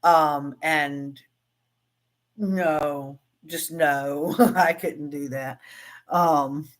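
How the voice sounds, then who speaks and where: A woman's voice: deep voice, steady tone, drawn-out words. A woman, hosting a casual livestream, chatting with viewers about crafting, laughing often and trailing off into restarts. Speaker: craft livestream host and teacher. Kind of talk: casual livestream chat reading comments.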